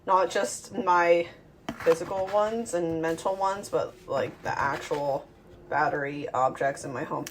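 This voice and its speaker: A woman's voice: low-pitched, a little slow, noisy background. A woman talking to her phone while she cooks in her home kitchen, rambling and self-mocking as she thinks aloud. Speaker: home cooking vlogger. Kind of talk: casual talk while cooking.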